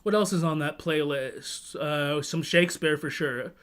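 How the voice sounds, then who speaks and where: A Toronto man hosting a livestream rambles through casual chat, swearing a lot and constantly cutting himself off to restart. His voice is fairly high, a bit bright, and unhurried.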